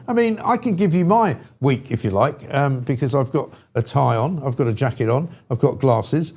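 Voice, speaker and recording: A man's voice: mid-range voice, animated, moderate pace, few pauses, a little mellow, slightly rough. A man hosting a talk show, bantering playfully and mocking himself with a chatty, loose delivery. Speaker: radio talk show host. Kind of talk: jokey studio banter.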